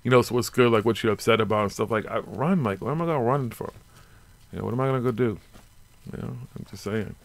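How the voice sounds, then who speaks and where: A man's voice: fairly low pitch, quick pace, creaky. A man co-hosting a live radio talk show, talking in loose, slangy casual chat full of fillers and curses. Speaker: co-host.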